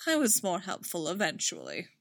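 A woman's voice: fairly low pitch, wildly swooping pitch, moderate pace, a bit bright, no echo. A woman voicing a wounded, sardonic male mentor with a wry, dry delivery in an audiobook reading.

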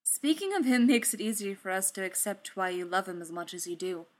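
A woman reading aloud, voicing a brash, sarcastic male inventor who talks quickly, pushily and loudly. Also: mid-range voice, expressive, close to an everyday voice. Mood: insistent.

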